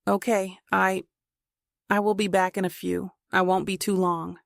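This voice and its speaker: A woman's voice: medium pitch, little pitch movement, a little slow, vocal fry, no echo, clean studio sound. A woman voicing a troubled, brooding male detective in an audiobook, speaking plainly and wearily.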